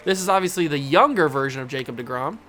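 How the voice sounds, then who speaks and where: A man casually calling his own baseball video game play by play. He gets excitable, pleads with the game out loud and breaks into sudden yells. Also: fairly high pitch, fast talker. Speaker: gaming channel host.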